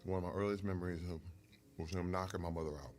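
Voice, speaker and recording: Animated middle-aged man telling stories. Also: sits low, fast. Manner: animated storyteller, laughs often. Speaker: guest, retired football player. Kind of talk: casual storytelling over a meal.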